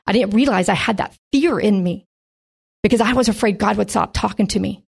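Gravelly woman telling her testimony. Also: mid-range voice, a little fast. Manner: animated storytelling, acts out voices. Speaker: pastor's wife giving testimony. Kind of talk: sermon testimony.

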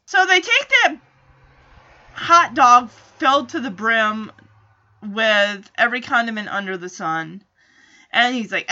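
A woman hosting a casual recap of a TV episode, excitable and quick to laugh, acting out lines as she goes. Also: a little high, lo-fi sound. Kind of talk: casual chat.

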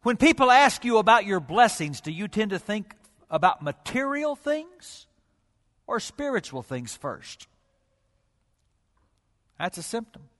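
A male pastor preaching with rhetorical questions and dramatic pauses, sometimes dropping to a near whisper. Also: high-pitched, fairly bright tone, big-room sound. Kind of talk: sermon. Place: church sanctuary.

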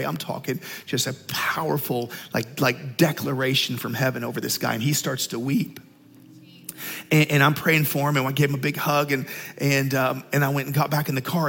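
A man's voice: a little high, slightly rough. Fifty-year-old man preaching in an echoing church. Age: 50s. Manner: energetic, conversational, animated with rising intensity. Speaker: pastor. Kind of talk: sermon storytelling. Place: church sanctuary. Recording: church hall with long reverb.

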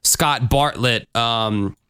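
A man's voice: mid-range voice, very slow, sharp tone, clear, resonant tone, no room sound, clean studio sound. Rambling, cursing podcast host man. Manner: rambling, profane, full of fillers. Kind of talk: casual chat.

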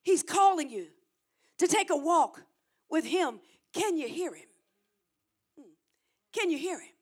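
A woman's voice: extremely high pitch, lively intonation, a little slow. A woman preaching a sermon, emphatic and repetitive, calling the congregation to answer back.

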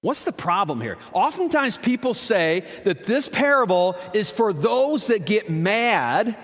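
A man preaching a sermon in a conversational way, asking rhetorical questions and dropping quiet for emphasis. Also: high-pitched, big pitch swings, a little slow. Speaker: pastor. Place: church. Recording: reverberant church hall.

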